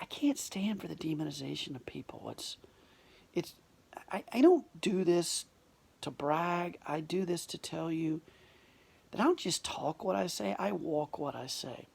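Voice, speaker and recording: A man's voice: fairly high pitch, vocal fry, darkish tone, slightly rough. A man telling a personal story in an earnest monologue, often dropping to a whisper and restarting his sentences. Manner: restarts and repeated words.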